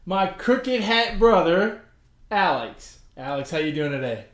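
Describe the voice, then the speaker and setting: A man in his forties with a faded New York accent hosts a casual sports podcast, teasing and self-mocking. His voice sits high and bright, and an echoey room rings around him. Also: very animated, a little slow. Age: 40s. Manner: joking, self-mocking banter. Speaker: podcast host.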